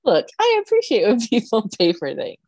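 A woman's voice: a little high, wildly swooping pitch, moderate pace, darkish tone, no room sound. A woman hosting a casual interview, laughing often and self-deprecating. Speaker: podcast host.

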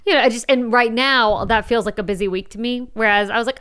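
A woman's voice: a little high, brisk, a bit bright, clean tone. A woman co-hosting a podcast, chatting casually with dry, easygoing banter. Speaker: podcast co-host. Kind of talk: casual chat.

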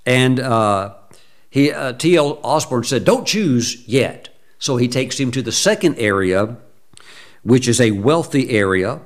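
A male preacher telling a story in a sermon, slowing down and leaning into the quoted lines. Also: mid-range voice. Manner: slow, deliberate retelling with acted quotes.

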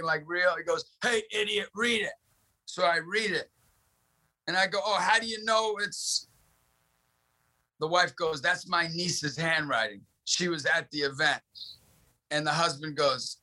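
A middle-aged man telling a story with intense, preachy passion and shouting for emphasis. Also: high voice. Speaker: guest, ministry director. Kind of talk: impassioned storytelling.

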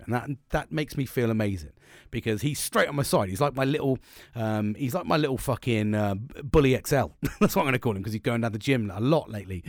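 A man's voice: medium pitch, lively intonation, fast, darkish tone, no echo, studio quality. A middle-aged man hosting a podcast, talking bluntly and casually, swearing often and rambling with restarts. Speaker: podcast host.

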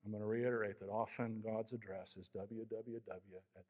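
A man's voice: lowish voice, steady tone, normal speed, darkish tone, big-room sound, lo-fi sound. A man preaching a sermon as pastor, with an impassioned, rising and falling delivery. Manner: impassioned preaching, voicing Elijah's lament.

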